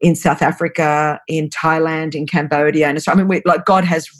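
A woman in her fifties, a guest on an interview podcast, telling her story in an earnest, urgent, fast-flowing way. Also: low voice, level tone. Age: 50s. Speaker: guest, anti-trafficking founder.

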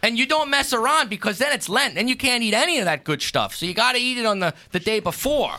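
A man's voice: extremely high pitch, expressive, quick pace, creaky, bright, forceful tone, voice pushed up, exaggerated voice. A man putting on a boastful Pennsylvania Dutch guy. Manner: boastful, folksy, blunt put-downs. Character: brash Pennsylvania Dutch man, proud home cook. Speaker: guest. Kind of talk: comedic character bit on a talk show.

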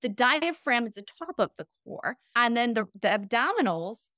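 Animated woman explaining with a dry voice. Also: on the high side, normal speed, dry recording. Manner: explanatory, animated, uses fillers like "like" and "right?". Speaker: guest, fitness trainer and holistic coach. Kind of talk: podcast interview, explaining.

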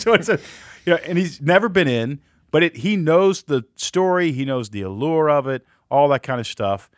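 An energetic man hosts a podcast, spinning anecdotes with lively enthusiasm and sudden bursts of speed. His voice sits at an ordinary middle pitch. The studio sound is close and dry, with no room around it. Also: dry recording. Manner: energetic, storytelling, quick bursts. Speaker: podcast host. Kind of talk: enthusiastic interview podcast talk.

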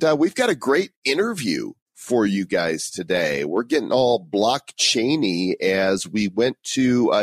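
Low-voiced man co-hosting a podcast. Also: no echo. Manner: jokey, reads listener reviews aloud. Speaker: podcast co-host. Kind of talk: casual podcast chat.

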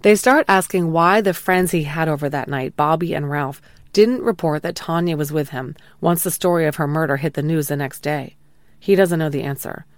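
Woman, low voice, dry close recording, calm scripted true crime narration. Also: no echo. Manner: calm, measured retelling of an interrogation, quoting lines plainly. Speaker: true crime podcast host.

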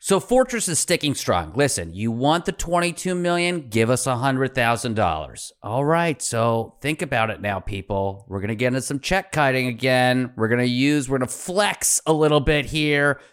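A man's voice: mid-range voice, lively intonation, normal speed, few pauses, a bit bright. A man hosting a podcast who tells a story dramatically, acting out quotes and swearing freely. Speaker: podcast host.

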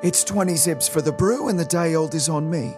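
Man doing curt, gruff barkeep, higher and louder than his own voice. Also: fairly quick, over music, close to an everyday voice. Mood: brusque. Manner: curt, gruff, clipped working-class speech. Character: brusque male tavern barkeep, no-nonsense.

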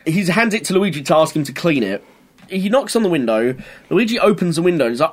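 A man's voice: a little high, quick pace. A man co-hosting a podcast, recapping a TV episode in casual chat and acting out the scenes. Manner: animated storytelling, acts out scenes. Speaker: podcast co-host.

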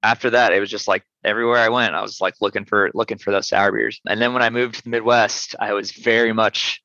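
A man's voice: lowish voice, steady tone, fast talker, bright, forceful tone, dry recording, lo-fi sound. A man who runs a small sour beer brewery, chatting casually in an interview with loose, profane talk and many fillers.

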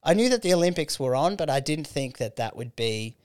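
A man's voice: fairly high pitch, big pitch swings, brisk, a little mellow, clear, resonant tone. A man in his thirties hosting a podcast, telling stories in a casual, profane, laid-back way. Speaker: podcast host. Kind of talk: casual chat.

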